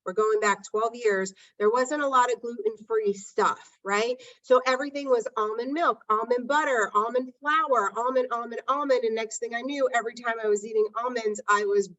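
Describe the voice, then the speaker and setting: A woman's voice: fairly high pitch, normal speed, few pauses, a bit bright. A middle-aged woman hosting a podcast, telling a personal story in a chatty way and often adding "right?". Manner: chatty, frequent "right?" tag questions. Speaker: podcast host. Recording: dull sound, slightly distant mic.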